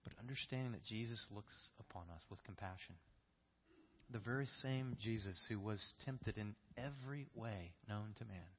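A man's voice: fairly low pitch, moderate pace, husky, lo-fi sound. A man preaching a sermon in a church, earnest and repeating key phrases for emphasis. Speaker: pastor.

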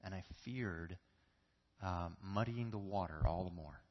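A man's voice: deep voice, unhurried, dull audio. A man preaching a sermon in a church, earnest and repeating key phrases for emphasis. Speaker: pastor.

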